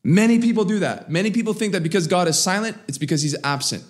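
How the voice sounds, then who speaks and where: A man preaching a sermon, swinging between raised, emphatic lines and low, quiet asides. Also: animated, quick pace. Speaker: pastor.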